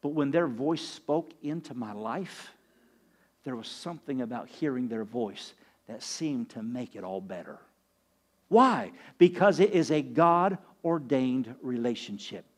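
A man pastor preaching a sermon, swinging between loud and soft, asking the congregation questions. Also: animated, unhurried. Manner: preaching with sweeping swings in pitch and loudness.

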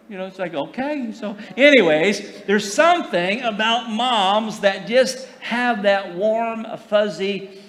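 A middle-aged man preaches a sermon, talking to his congregation in a folksy, conversational way with plenty of fillers and repeated words. His voice sits slightly high for a man. The sound carries the long echo of a church hall. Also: slow pace, a bit bright. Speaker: pastor.

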